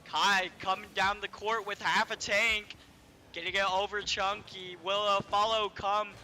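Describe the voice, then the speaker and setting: A young man calls esports play-by-play in a high, very bright voice, rattling off player names as the action moves. A faint hiss of background noise sits under his commentary. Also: little pitch movement, measured pace. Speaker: esports caster.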